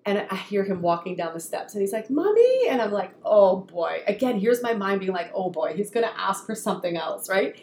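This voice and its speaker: Woman, podcast co-host, fast casual storytelling, acts out quoted voices, echoey room, faint background hiss. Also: medium pitch, darkish tone. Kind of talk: casual chat. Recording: roomy echo, faint ambient noise.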